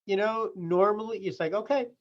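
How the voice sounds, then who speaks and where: A man's voice: a little high, moderate pace. A man in the process-serving business telling stories from his work in a plain-spoken, casual way, full of "you know". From California. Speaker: process server and business owner. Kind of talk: casual interview storytelling. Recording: muffled lo-fi remote audio.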